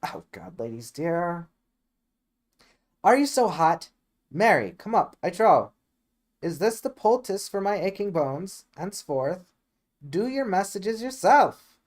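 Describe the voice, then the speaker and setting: A bustling, talkative middle-aged nurse, teasing and scolding in slow, drawn-out phrases, as a man puts her on. It is an amateur reading of a Shakespeare play. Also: fairly high pitch, expressive, darkish tone.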